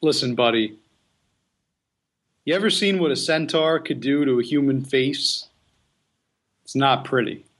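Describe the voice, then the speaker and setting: A man's voice: mid-range voice, measured pace, pauses often, a bit bright. A man voicing a blunt adventurer who questions and threatens a guard, in an everyday voice. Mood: probing.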